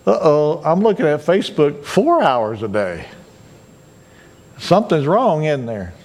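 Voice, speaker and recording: A man's voice: on the high side, very animated, moderate pace, darkish tone. A male pastor preaching a sermon, earnest and repeating his points to urge listeners. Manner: earnest, repetitive exhortation.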